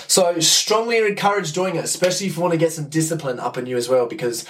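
A man's voice: a little high, fast, a bit bright, distant mic, slight background noise. Upbeat, sweary young guy. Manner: rambling, swearing, upbeat and enthusiastic. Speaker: podcast host. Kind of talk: casual podcast monologue.

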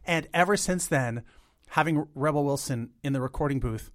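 A man in his fifties, a guest in an interview, talking in an animated, chatty way and imitating instruments with his voice. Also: on the high side, normal speed. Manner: chatty, many "like" fillers. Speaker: guest, a cappella arranger. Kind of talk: interview conversation.

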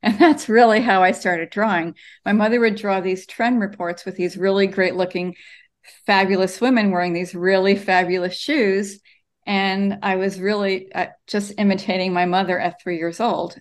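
A woman's voice: medium pitch, normal speed. A woman cartoonist, a guest in an interview, telling her story with lots of ums over a video call from her home studio. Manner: animated storyteller, many ums.

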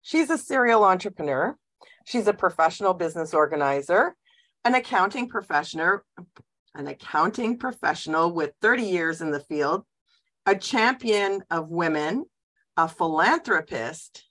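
Lower-voiced woman hosting a chat podcast. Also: lively intonation, normal speed, a bit bright. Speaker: podcast host. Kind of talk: casual interview chat.

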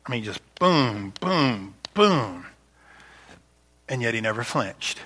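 A man preaching a sermon as pastor, talking in a loose, conversational way with frequent restarts, rising loud for emphasis and dropping to soft, hushed passages. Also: mid-range voice, sing-song, slow.

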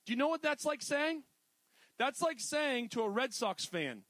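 A high-pitched man, preaching a chatty, animated sermon. He wanders into jokey asides and swings from loud and punchy to soft. The sound is dry and close, with no room around it. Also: a little slow, dry recording. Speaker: pastor.

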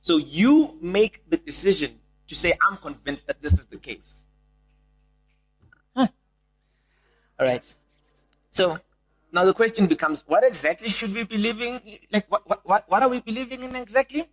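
Young man, sermon to a small group, fairly high voice, builds and repeats. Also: moderate pace, pauses often, low-quality recording. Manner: animated, repeats key lines, rises to shouts. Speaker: preacher.

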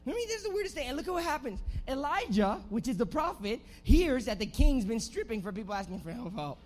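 A man preaching a lively youth sermon in slangy, animated storytelling that speaks straight to the crowd. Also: extremely high pitch, a little fast, few pauses.

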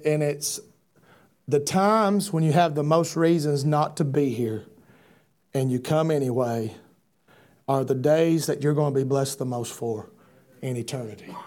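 A man preaching an impassioned sermon, repeating rhetorical questions and building to shouts. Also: on the high side.

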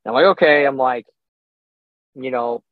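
A young man, a podcast guest, telling a hunting story in a casual, animated way, acting out his own reactions and chuckling often. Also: medium pitch, normal speed, no room sound. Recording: slightly dull, dry sound.

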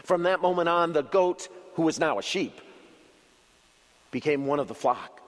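A man preaching a children's sermon as an expressive storyteller who uses dramatic pauses. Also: a little high, long reverb tail. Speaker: pastor.

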